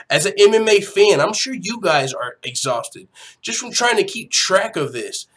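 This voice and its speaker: A man hosting an MMA live-stream chat, talking casually and profanely, swinging from low mumbling to loud shouting. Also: animated, normal speed.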